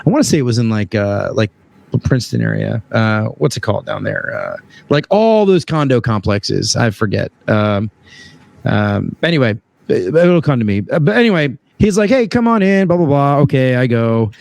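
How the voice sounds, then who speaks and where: An HVAC sales rep tells a story casually on a podcast, animatedly acting out the people in it with big pitch jumps. He speaks at a moderate pace with vocal fry, and there's no echo.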